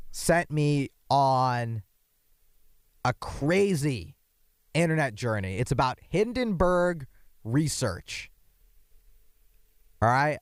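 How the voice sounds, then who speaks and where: A young man hosting a podcast, his voice hoarse from yelling, rambling in a casual, self-deprecating monologue with jumpy asides. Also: fairly high pitch, dry recording, studio quality. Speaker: podcast host. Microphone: microphone.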